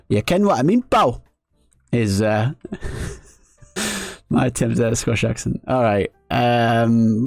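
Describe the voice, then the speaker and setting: Streaming live poker, a man comments on his own play, mixing strategy talk with sarcastic, self-mocking jokes. His mid-range voice is darkish with vocal fry and a breathy edge, and there's no room sound.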